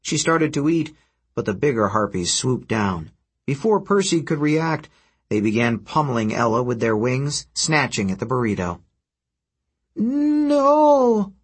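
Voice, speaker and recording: A man narrating a fantasy adventure story in a steady, even storytelling manner. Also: medium pitch, normal speed, breathy edge. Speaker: audiobook narrator. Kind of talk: scripted narration.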